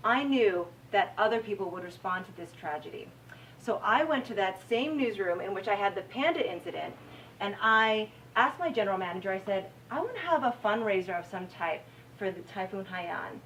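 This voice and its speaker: An American woman, a TV news anchor, giving an animated talk to students and acting out her own reactions. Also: medium pitch, a little fast. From United States. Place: university lecture room. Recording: slightly distant mic, faint room noise.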